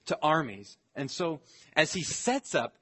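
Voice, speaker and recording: Pastor, male, somewhat high husky voice, earnest deliberate sermon delivery. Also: very animated, fairly bright tone. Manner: earnest, deliberate, slows to stress scripture phrases. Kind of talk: expository sermon.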